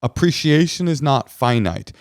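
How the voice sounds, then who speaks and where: A man's voice: medium pitch, lively intonation, normal speed, no echo, clean studio sound. A man hosting an advice podcast, talking bluntly and passionately, with plenty of swearing. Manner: blunt, profane and impassioned. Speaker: podcast host giving advice. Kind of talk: casual advice chat.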